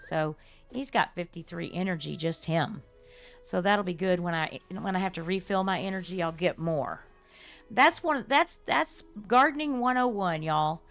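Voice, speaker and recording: A woman's voice: lowish voice, moderate pace, fairly bright tone, soft background music. An older woman, chatting effusively and laughing often as she streams a game live and thanks her viewers. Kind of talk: live-stream chat while playing.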